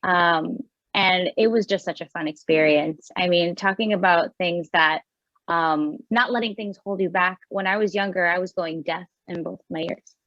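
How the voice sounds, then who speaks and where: A woman from New York City on a video call, telling her story as a voiceover contest winner in a bubbly, quick way. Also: fairly low pitch, fairly even intonation, fairly bright tone, dry recording, lo-fi sound. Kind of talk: casual video call chat.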